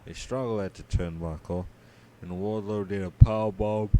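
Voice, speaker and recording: A sleepy man co-hosting a podcast, giving a drowsy, low-key play-by-play recap full of ums and uhs. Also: steady tone, moderate pace, mellow. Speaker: podcast co-host. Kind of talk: casual match recap.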